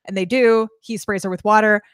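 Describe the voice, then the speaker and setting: A woman's voice: mid-range voice, fairly even intonation, fairly quick, clean tone. A woman co-hosting a podcast, recapping a film in casual, sarcastic chat, swearing freely and acting out the characters' lines. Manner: sarcastic, swears a lot, acts out quotes. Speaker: podcast co-host.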